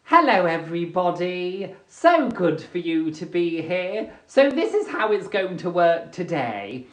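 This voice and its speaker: A man's voice: sits high, big pitch swings, unhurried, reverberant. A man voicing a bossy, chirpy woman who runs a speed-dating night.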